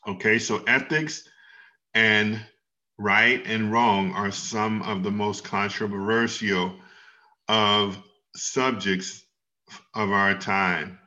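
Male Bible class teacher, patient and questioning, bright tone, muffled video-call audio. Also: on the low side, steady tone, slow. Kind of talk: online Bible class lesson.

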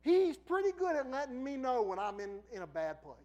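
A middle-aged man preaches with a strikingly high voice for a man. He tells personal stories with lots of laughter and drops to quiet asides before rising into loud bursts. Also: a little fast, dull audio. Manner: lively storyteller who laughs often and swings from quiet asides to loud bursts. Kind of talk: sermon with personal storytelling.

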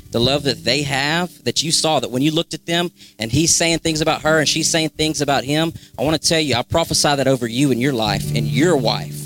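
A man's voice: mid-range voice, bright, forceful tone. A young man giving a spontaneous, fervent exhortation in a church, repeating phrases for emphasis. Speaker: church member sharing a word. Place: church sanctuary.

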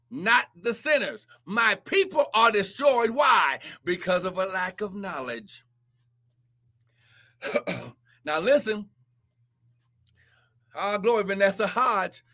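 A man preaches with a very high, bright voice, drawing his words out slowly. He shouts and whoops, breaking in with "listen" and "glory" again and again. It is a fiery, prophetic sermon.

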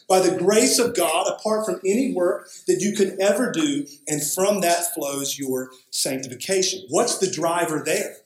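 A man's voice: high-pitched, normal speed, few pauses, echoey room, a little hiss or hum, rough recording. A male pastor delivering a sermon, emphatic, often checking in with "right?". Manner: emphatic preaching with frequent "right?" asides.

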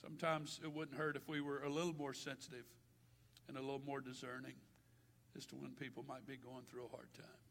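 A male pastor preaching a sermon with passion, his delivery swinging from loud declarations to hushed, quiet stretches. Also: mid-range voice, level tone, brisk, gravelly, slight background noise. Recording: long hall reverb.

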